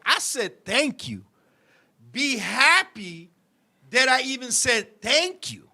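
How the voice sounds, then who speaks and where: Middle-aged man, talk show host, very high voice, sharp bright tone, heated profane storytelling, live-stream chat. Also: animated, a little slow.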